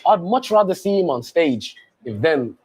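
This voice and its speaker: A man in a casual interview, speaking in a heartfelt, slightly halting way. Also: fairly high pitch, very animated, a little mellow, husky.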